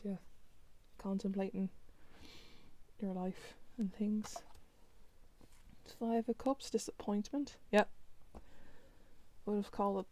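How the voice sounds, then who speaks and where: A woman with a mellow, warm voice chats her way through a tarot deck card by card. She talks casually, tossing off quick reactions. The sound is dry and close, with no room around her. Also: medium pitch, gravelly, no echo. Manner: chatty, reacts to each card with quick remarks. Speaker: tarot reader reviewing a deck.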